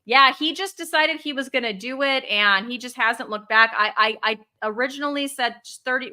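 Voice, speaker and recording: A middle-aged woman, a mother, chatting casually and telling stories with lively acted-out quotes. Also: sits high, moderate pace, hardly any pauses. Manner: animated storyteller, acts out quotes. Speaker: guest. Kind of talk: casual chat.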